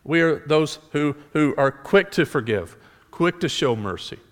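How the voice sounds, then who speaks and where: A man's voice: on the high side, expressive, measured pace, big-room sound. A male pastor delivering a sermon in an earnest style, asking rhetorical questions and restarting phrases as he goes.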